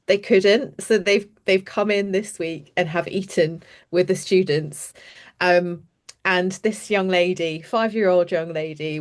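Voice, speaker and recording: A woman, a youth participation practitioner, telling stories chattily and enthusiastically on a video call. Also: fairly low pitch. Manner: enthusiastic, chatty, trails off and restarts often. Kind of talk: animated storytelling in an online panel.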